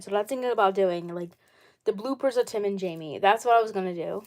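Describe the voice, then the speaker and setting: A woman's voice: mid-range voice, fast, a little mellow. A woman hosting her own live stream in a casual chat, rambling and repeating herself often. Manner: rambling and repetitive. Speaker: channel host.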